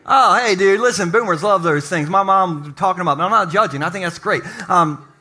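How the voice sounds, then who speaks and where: Speaking to his church congregation, this middle-aged male pastor gives a humorous sermon in a chatty, joking way. His voice sits high and sounds pushed and bright, moving at a fairly quick pace.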